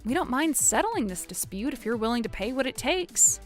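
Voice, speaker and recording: A woman playing a firm, calm wife. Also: on the high side, moderate pace, soft background music. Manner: steady, matter-of-fact. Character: calm, firm young wife standing her ground. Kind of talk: animated story narration and dialogue.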